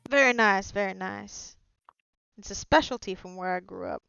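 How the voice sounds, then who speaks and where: A woman's voice: medium pitch, flat delivery, moderate pace, creaky, muffled recording. A woman in tabletop role-play, speaking cheerfully in character as a ship's captain. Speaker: player as ship captain.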